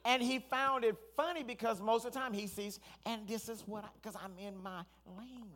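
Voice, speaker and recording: A man, a pastor, preaching a sermon in an animated storytelling way, with asides and restarts. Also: high voice, normal speed.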